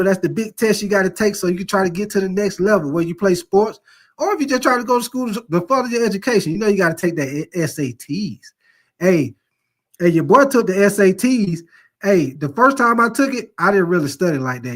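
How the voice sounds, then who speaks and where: Middle-aged guy with a high voice, sports show host, loose and cussing, laughs at his own stories, reads chat comments. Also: animated, fairly quick. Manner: loose, joking, reads viewer comments aloud. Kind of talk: casual live-stream sports talk.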